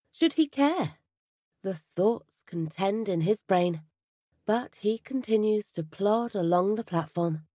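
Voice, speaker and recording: Lively, wide-ranging female narrator for a storybook, recorded dry and close. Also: medium pitch, no room sound. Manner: expressive reading. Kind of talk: storybook reading.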